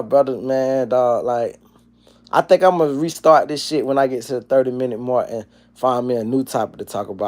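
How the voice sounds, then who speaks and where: A man in his forties hosting a casual livestream, rambling and profane, dropping to low mumbles and then breaking into loud, animated rants. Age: 40s. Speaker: livestream host. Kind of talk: casual livestream chat, reading chat comments.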